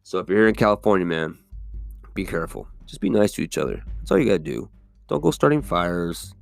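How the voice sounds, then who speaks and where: A man's voice: deep voice, sing-song, fairly quick, vocal fry, soft background music. A man hosting a solo podcast, talking casually in a rambling, profane, conversational way with lots of fillers. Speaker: podcast host. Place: California.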